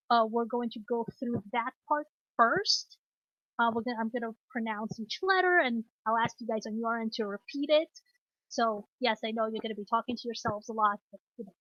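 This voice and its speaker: A woman with a Moscow Russian accent, a native Russian speaker, teaching an online class in a relaxed way with many ums and restarts. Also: fairly high pitch, dry recording. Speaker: class instructor. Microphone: computer mic on a video call. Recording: dull lo-fi video call audio.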